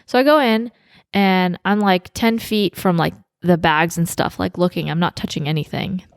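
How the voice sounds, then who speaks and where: A woman's voice: lowish voice, fairly even intonation, normal speed, clear, resonant tone, no echo, studio quality. A woman co-hosting a podcast, chatting casually and acting out both sides of the story she tells. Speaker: podcast co-host. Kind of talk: casual chat.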